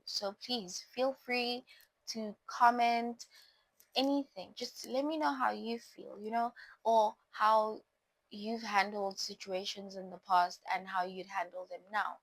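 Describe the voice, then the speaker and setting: Chatting casually to her viewers about boundaries, this young woman vlogger is playful and frequently addresses them directly. Her voice is medium in pitch with a fairly bright tone, captured in a rough, echo-free recording.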